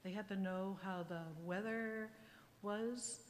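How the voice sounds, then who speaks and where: A woman elder giving a heartfelt, unhurried ceremonial welcome at a graduation. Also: mid-range voice, fairly even intonation, a little hiss or hum. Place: large hall at a university graduation ceremony. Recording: livestream audio with hall reverb and faint ambience.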